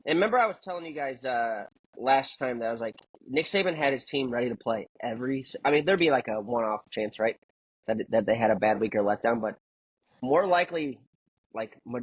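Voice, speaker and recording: A man's voice: medium pitch, slightly rough, highs cut off. A man co-hosting a casual sports podcast, talking in a rambling way full of filler words. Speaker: podcast co-host.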